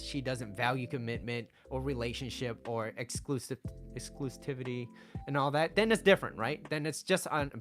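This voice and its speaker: Brief: male dating-advice host, mid-pitched, blunt and emphatic, faint music underneath. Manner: blunt, emphatic, tags lines with "right?" and "okay?". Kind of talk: direct-to-camera advice monologue.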